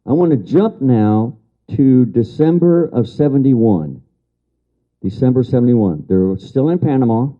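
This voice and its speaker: Medium in pitch, expressive and unhurried, an older man shapes his lecture into a story for the audience. He leans on repeated key phrases and answers comments from listeners; the recording is dull and lo-fi.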